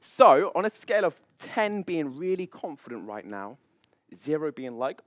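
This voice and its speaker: A man, a public speaking coach, leading a live seminar on stage with high energy, playful banter and frequent laughs. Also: moderate pace, no echo, clean studio sound. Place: event stage before an audience.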